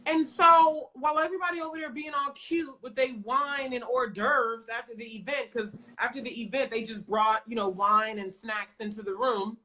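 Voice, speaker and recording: A woman's voice: fairly high pitch, fairly even intonation, moderate pace, hardly any pauses, pushed and bright. A woman coach, telling a story in a blunt, emphatic way with some swearing, in a casual conversation. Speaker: business coach.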